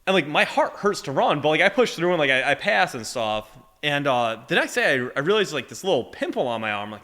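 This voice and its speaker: A man's voice: a little high, brisk, hardly any pauses. A man in his twenties from Massachusetts, a podcast guest telling stories casually, full of "like" fillers and acted-out quotes. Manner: animated, heavy "like" fillers, acts out voices in his stories. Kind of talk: casual storytelling.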